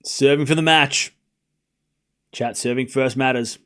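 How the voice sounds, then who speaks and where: A young man streaming live tennis play-by-play to his chat, excitable, swinging from quiet muttering to shouting. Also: mid-range voice, measured pace.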